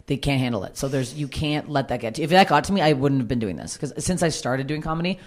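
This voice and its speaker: A woman comedian talking bluntly and swearing freely in a candid conversation, with a low voice. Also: expressive, quick pace. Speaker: comedian and podcast guest.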